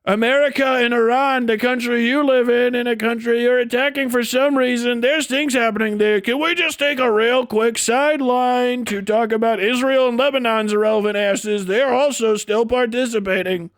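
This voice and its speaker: A man's voice: very high voice, fairly even intonation, moderate pace, few pauses, a bit bright, clear, resonant tone. A man voicing a mock-earnest male TV news presenter, with sarcastic, faux-sincere delivery.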